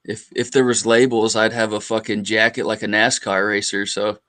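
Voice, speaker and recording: Give me a smooth, dry-voiced Illinois man. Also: lowish voice, little pitch movement, normal speed, fairly bright tone, no echo. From Illinois, USA. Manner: blunt, laid-back, swears freely. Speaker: call-in guest. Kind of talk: casual livestream chat.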